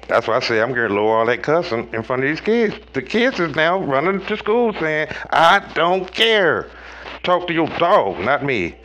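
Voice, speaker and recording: A man giving a preachy tarot reading in a slangy, profane way, talking straight to viewers and swinging between loud highs and low murmurs. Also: big pitch swings, a little fast, hardly any pauses, highs cut off, a little hiss or hum. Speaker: tarot reader.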